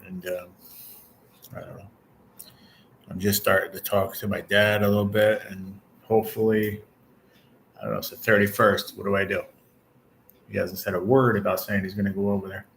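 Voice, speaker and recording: Gravelly, blunt man in his forties. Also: on the low side, level tone, normal speed, long pauses, fairly bright tone, slight background noise. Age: 40s. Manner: blunt, profane venting; talks straight to viewers and chat. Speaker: channel host. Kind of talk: casual livestream chat.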